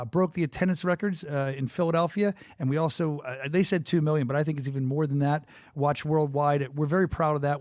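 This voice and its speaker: Fast-talking enthusiastic male podcast host. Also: on the high side, dry recording, studio quality. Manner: quick, enthusiastic, rambling with restarts. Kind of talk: casual podcast chat. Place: studio.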